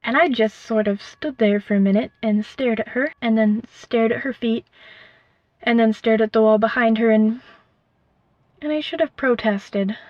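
A woman's voice: on the high side, normal speed, no echo, lo-fi sound. A woman telling a first-person story in a wry, rambling, conversational way. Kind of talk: first-person fiction narration.

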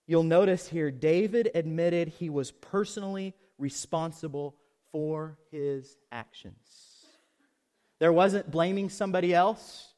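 A man preaching a sermon, swinging from loud emphatic peaks to soft low asides and leading the congregation in call-and-response. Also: unhurried. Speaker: pastor. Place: outdoors.

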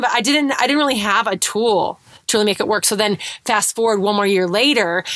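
A woman's voice: medium pitch, fairly bright tone, dry recording. A middle-aged woman hosting her own podcast as a life coach, talking earnestly and reflectively, often restarting and adding "right?" asides. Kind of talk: casual solo podcast monologue.

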